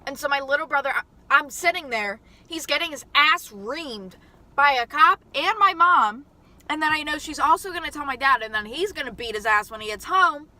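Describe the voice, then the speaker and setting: A woman in her twenties telling a story in a chatty, profane, animated way in a casual vlog. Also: sits high, moderate pace. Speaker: mukbang vlogger.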